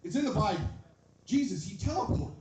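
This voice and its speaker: A man performing a rambling stand-up comedy set, breaking into shouted impressions. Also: high voice, expressive, fairly quick. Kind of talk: stand-up set at an open mic. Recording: roomy, from a distance.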